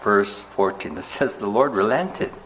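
Man preaching, slow scripture reading. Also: on the low side, a bit bright, slight background noise. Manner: reads scripture slowly, asks rhetorical questions. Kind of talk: sermon, Bible teaching.

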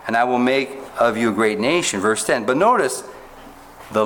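A man preaching a sermon, reading scripture aloud slowly and stopping often to ask his listeners rhetorical questions. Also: on the low side, fairly bright tone, slight background noise. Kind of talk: sermon, Bible teaching.

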